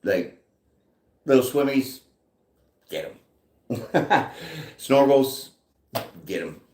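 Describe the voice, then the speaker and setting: Host, male, lively pitch, loose joking delivery, roomy echo. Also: extremely slow. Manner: chatty and joking, reads out viewer comments. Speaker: tarot reader hosting a live chat. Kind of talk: casual live-stream talk. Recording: echoey room.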